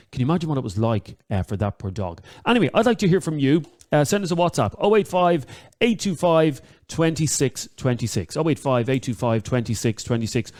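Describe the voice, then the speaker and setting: Irish male radio host, average pitch, chatty, filler-heavy, casual presenter. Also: a little mellow. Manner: chatty, repeats phone numbers, frequent ums and uhs.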